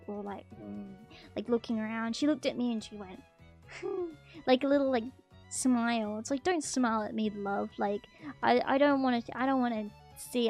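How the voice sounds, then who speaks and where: A woman telling a story to her stream in a casual, blunt way, swearing freely and filling her talk with ums and likes. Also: a little high.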